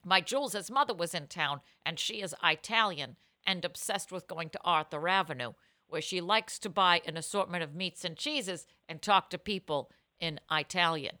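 A woman co-hosting a podcast, telling animated, self-mocking stories in casual chat. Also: lowish voice, moderate pace, no room sound. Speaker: podcast co-host.

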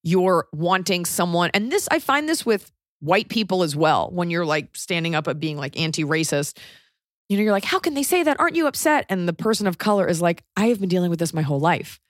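A woman in her thirties chats on a podcast, blunt and wry, slipping into little acted-out voices when she quotes people. Her voice sits a bit low, and the sound is dry and close. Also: brisk, dry recording. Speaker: podcast co-host. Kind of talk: casual chat.

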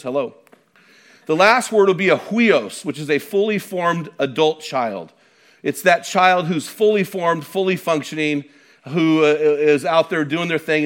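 A middle-aged male pastor delivers a sermon with a slightly raised pitch. He talks in an emphatic, conversational way, pressing his points home and checking in with rhetorical questions. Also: fairly bright tone.

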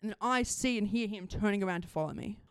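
A young Australian woman co-hosting a podcast and telling a story in casual chat. She talks in an animated way, laughs often and swears freely. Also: medium pitch, quick pace, clear, resonant tone, no room sound, studio quality. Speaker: podcast co-host.

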